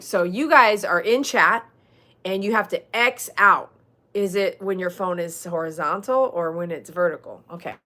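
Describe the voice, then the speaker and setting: A woman's voice: lowish voice, sharp tone. Woman, Texan accent, middle-aged, chatty livestream host, jokes and laughs. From Texas. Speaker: dog groomer hosting a livestream. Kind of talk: casual livestream chat with viewers.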